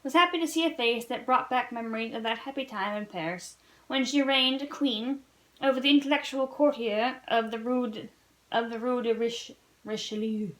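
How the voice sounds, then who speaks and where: A woman reads a classic novel aloud for a book-club read-along, her voice pitched high. She narrates earnestly, now and then tripping and restarting a word. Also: normal speed, fairly bright tone, rough recording. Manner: earnest storybook narration, occasional slips and restarts.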